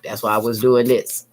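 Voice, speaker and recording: Slow, chatty woman crafting on camera. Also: rumbling low, slight background noise. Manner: chatty, thinks aloud while working; calm, soothing. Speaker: craft vlogger. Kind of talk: casual crafting tutorial.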